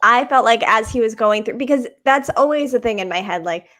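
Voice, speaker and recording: A woman's voice: fairly high pitch, expressive, fairly quick, a bit bright. A woman hosting a casual podcast chat, easygoing and agreeable. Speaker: podcast host.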